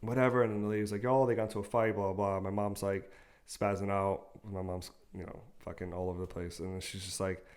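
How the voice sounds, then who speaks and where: A young man with a fairly low-pitched voice co-hosts a casual podcast. He tells a personal story in loose, animated chat, swearing often and slipping into the voices of the people he quotes. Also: quick pace. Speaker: podcast co-host.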